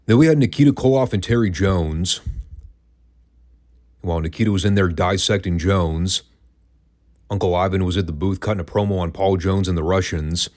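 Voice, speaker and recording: A man with a very low voice talks through a casual retro review. His delivery is dry and sarcastic. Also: moderate pace, pauses often, a little mellow. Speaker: wrestling podcast host.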